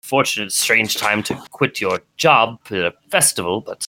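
A man voicing a weary male city guard who speaks in a gruff, matter-of-fact way. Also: on the low side, animated, moderate pace, pushed and bright, a little hiss or hum.

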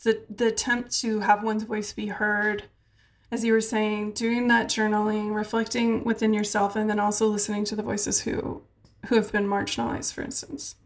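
A woman's voice: mid-range voice, monotone, normal speed. A woman hosting a podcast, asking questions and drawing out her guest. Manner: curious, guiding questions, gentle. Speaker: podcast host. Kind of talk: casual podcast conversation.

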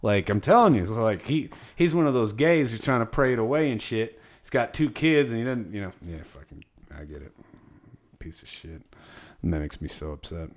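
A man hosting a casual podcast who tells stories in a profane, heated manner. His voice is fairly low and his pitch moves around a lot, rising and falling as he gets worked up. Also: animated, brisk.

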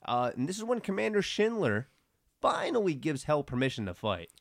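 A young man co-hosting a casual anime recap podcast, animated and slangy, often laughing. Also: a little high, normal speed, creaky, dry recording, clean studio sound. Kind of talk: casual chat.

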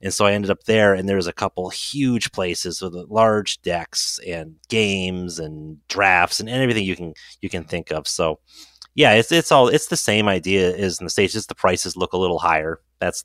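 A man with a very low voice talks casually as a guest, explaining in a relaxed way. The sound is dry and close, with no room around it. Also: moderate pace, no room sound. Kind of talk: casual interview talk.

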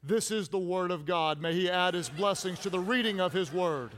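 High-voiced joking male preacher. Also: normal speed, fairly bright tone, a little hiss or hum. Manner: playful, joking preacher calling for audience responses. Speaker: pastor. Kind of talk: sermon.

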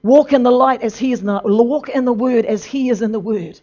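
A preacher delivering a sermon emphatically, moving between loud bursts and low, intense passages. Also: fairly quick. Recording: dull lo-fi recording.

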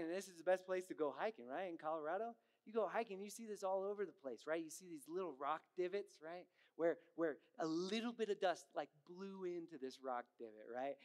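A man's voice: sits high, darkish tone. A man preaching a sermon, telling stories with sound effects and acted voices and often checking in with the audience by asking "right?". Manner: frequent "right?" asides to the audience. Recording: long hall reverb.

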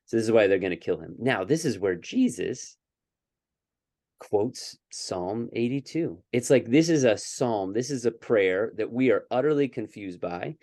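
A man's voice: fairly low pitch, unhurried, darkish tone, dry recording, studio quality. A man co-hosting a casual scripture discussion, earnest and thinking aloud with many fillers and restarts. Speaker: podcast co-host.

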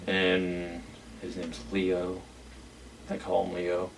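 Low-voiced man in casual recap chat. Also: monotone, slow, recorded from a distance, slight background noise, rough recording. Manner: rambling, filler-heavy, acts out quotes. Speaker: podcast co-host. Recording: voice a bit off-mic.

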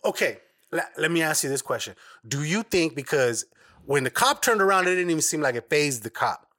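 A man's voice: on the high side, expressive, brisk, pushed and bright, no room sound, clean studio sound. A man hosting a podcast, telling stories in loose, profane casual chat, with many restarts and laughs along the way. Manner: rambling, laughing storyteller, heavy swearing and restarts. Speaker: podcast host.

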